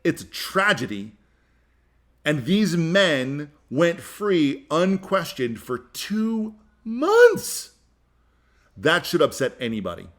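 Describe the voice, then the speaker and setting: Heated, emphatic man with a high voice. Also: sing-song, slow, fairly bright tone. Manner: emphatic, heated, repeats himself. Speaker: podcast host. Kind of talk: opinion monologue.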